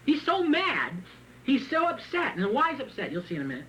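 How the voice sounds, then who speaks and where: A man preaching a sermon, reading scripture and then retelling it in a joking, animated way with frequent laughs. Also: very high voice, normal speed, a little hiss or hum, rough recording. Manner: animated, joking, laughs often at his own asides; reads scripture aloud and then retells it in plain talk. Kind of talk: sermon with Bible reading and commentary.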